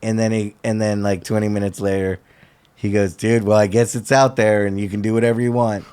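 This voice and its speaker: This talk-show guest has a fairly low, clean-toned voice and talks a little fast. He spins a casual tale, animatedly voicing the other people's lines in a slangy, easygoing way.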